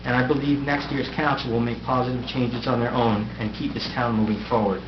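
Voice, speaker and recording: In a level tone and a slightly fast pace, a middle-aged man with a mid-range voice gives his prepared farewell as outgoing mayor. He speaks from the council dais, leaning on wry humor at his own expense. The recording sounds like a noisy, echoey, dull room.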